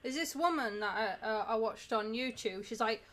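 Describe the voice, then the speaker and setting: Woman from England, casual podcast chat, talkative, fillers, slightly high pitch. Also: animated, moderate pace, a bit bright. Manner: chatty, many fillers, laughs easily. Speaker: podcast co-host.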